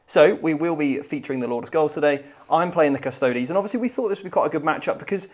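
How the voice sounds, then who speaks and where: A man's voice: on the high side, animated. Upbeat chatty male host. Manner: upbeat, chatty, quick banter. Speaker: host and player. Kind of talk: casual livestream chat.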